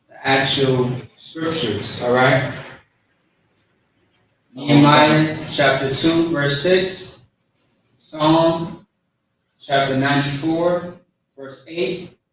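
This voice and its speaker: A man's voice: fairly high pitch, fairly bright tone, a little hiss or hum. A man teaching a casual scripture class, repeating his points and checking in with the listeners. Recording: very echoey room, mic far off.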